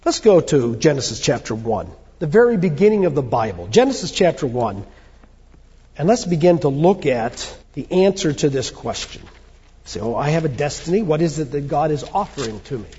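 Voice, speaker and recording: A man preaches to a congregation in a conversational way, asking questions and pausing on fillers. His voice is mellow and a little husky, with a lively rise and fall. The recording is dull and carries the long reverb of a large hall. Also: on the high side. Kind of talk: sermon to a congregation. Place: church hall.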